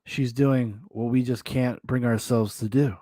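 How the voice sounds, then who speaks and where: A man hosts a podcast, tearing into video clips in loose, profane commentary. He mocks freely and laughs between remarks. His voice is at an average pitch and sounds dry and close to the mic. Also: steady tone, unhurried, dark tone, dry recording. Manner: mocking, profane, laughing asides. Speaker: podcast host. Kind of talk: casual commentary on videos and chat.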